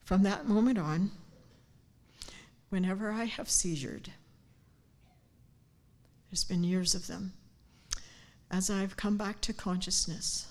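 An older woman giving a heartfelt personal devotion, earnest and sincere, sometimes dropping to a hushed near-whisper. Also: mid-range voice. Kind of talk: personal devotional talk with scripture. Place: church gathering, speaking standing up.

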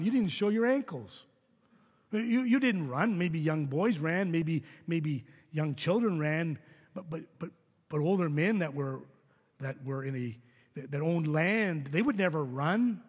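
Man, pastor, earnest sermon, slightly high voice, long church reverb. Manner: earnest, stumbles and repeats words. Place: church sanctuary. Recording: reverberant hall sound.

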